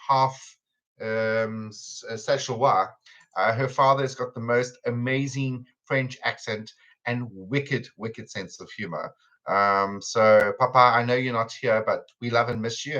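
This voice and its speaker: A man's voice: mid-range voice, sharp tone, highs cut off. A man with a South African accent hosting a live cooking stream in a chatty, teasing way, laughing often. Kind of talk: casual chat on a livestream. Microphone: computer camera on a video stream.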